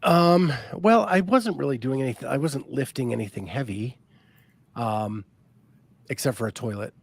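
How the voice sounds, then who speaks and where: A man hosting a podcast, chatting casually and reading sponsor spots in a relaxed way with frequent ums. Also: mid-range voice, normal speed, creaky, husky, no room sound. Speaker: podcast host. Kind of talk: casual chat and sponsor reads.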